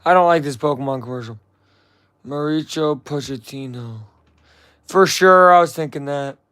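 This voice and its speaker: A man's voice: fairly high pitch, normal speed, fairly bright tone, clean tone. Rambling jokey young man streaming. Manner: rambling, jokey, slangy, says "bro" a lot. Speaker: streamer reacting to a broadcast. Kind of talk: casual live-stream commentary.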